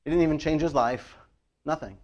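A middle-aged man preaching a sermon in a loose, conversational way, retelling scripture with lively storytelling. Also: fairly high pitch, fairly quick, highs cut off. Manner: conversational, animated storytelling with frequent "I mean" and "like". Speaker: pastor.

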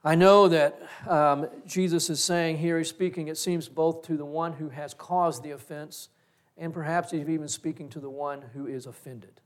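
Middle-aged man preaching, earnest and reflective, telling personal stories in a fairly high voice. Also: fairly even intonation, moderate pace. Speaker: pastor. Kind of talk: sermon.

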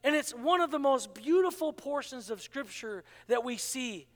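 A man's voice: extremely high pitch, expressive, normal speed, hardly any pauses. A man preaching a sermon in a dramatic manner, acting out the quoted dialogue. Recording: long hall reverb.

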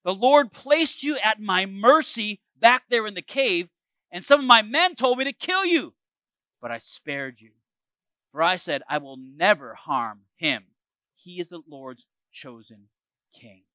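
A man's voice: high voice, expressive, unhurried, bright, forceful tone, no echo, heavily acted. A man reading aloud the part of a young fugitive warrior who pleads his innocence to a king, in an earnest, pleading way.

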